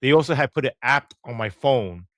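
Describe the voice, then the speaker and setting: Animated New man telling stories. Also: mid-range voice, brisk, dry recording. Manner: animated, acts out quoted dialogue, swears casually. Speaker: guest, former police officer. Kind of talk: storytelling interview.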